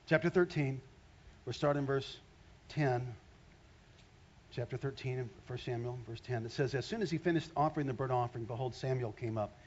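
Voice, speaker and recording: A man's voice: mid-range voice, moderate pace, darkish tone, dull audio. An older man preaching a sermon in a conversational way, often rising into emphatic bursts. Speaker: pastor.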